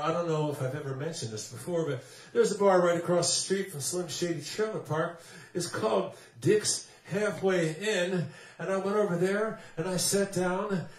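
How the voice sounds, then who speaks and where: A man hosting his own music show, chatting between songs in a jokey, playful, rambling way. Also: sits high. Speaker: singer and show host. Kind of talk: casual stage patter between songs. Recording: roomy sound from a distance with music behind.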